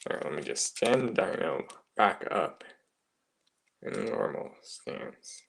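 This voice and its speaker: Man in a casual toy review, slow and husky, soft mumbled asides. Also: low voice, lively intonation.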